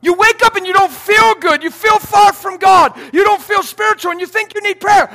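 A pastor, a man, preaching a sermon in an emphatic, blunt style with sudden shouted lines. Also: very high voice, moderate pace, few pauses.

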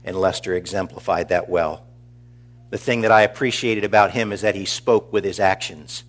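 A middle-aged pastor giving a funeral eulogy, earnest and measured as he tells stories. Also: deep voice, fairly even intonation. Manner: earnest, measured, warmly storytelling.

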